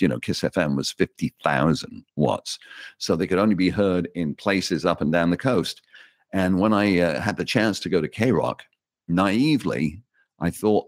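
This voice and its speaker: A man with an English accent, a veteran radio DJ telling lively stories in a casual interview. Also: sits low, no room sound, clean studio sound. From England. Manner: animated anecdotal storyteller. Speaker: radio DJ guest.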